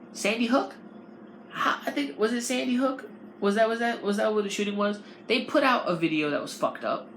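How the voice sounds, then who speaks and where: A woman's voice: on the high side, moderate pace, pauses often, a little hiss or hum. Profane, rambling woman podcaster. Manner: animated, profane, rambling delivery. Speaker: podcast host. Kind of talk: casual podcast rant. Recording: roomy, with faint ambience.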